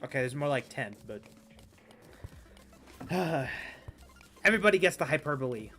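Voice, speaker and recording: A man's voice: fairly high pitch, lively intonation, moderate pace, pushed and bright, slight background noise. A man streaming a game, chatting casually and rambling with stammers, jokes at his own expense and frequent swearing. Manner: rambling, stammering, self-mocking, swears freely. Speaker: gaming streamer. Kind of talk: casual gameplay commentary.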